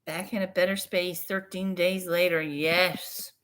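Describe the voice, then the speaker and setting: Woman vlogger, lower pitch, frank, profane, rambling storyteller. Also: flat delivery, a little slow, a bit bright, a little hiss or hum. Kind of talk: casual storytelling vlog.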